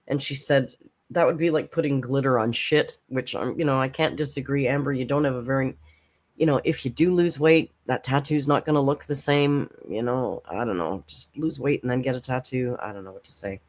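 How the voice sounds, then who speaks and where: A woman's voice: rumbling low, brisk. A woman hosting a reaction channel, giving blunt, sarcastic casual commentary and swearing freely.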